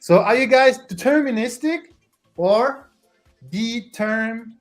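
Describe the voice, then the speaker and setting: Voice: mid-range voice, animated, a little slow, a bit bright, soft background music. Hesitant streamer searching for words. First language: French. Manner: hesitant, searches for English words, restarts a lot. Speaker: livestream host. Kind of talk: casual livestream chat with viewers.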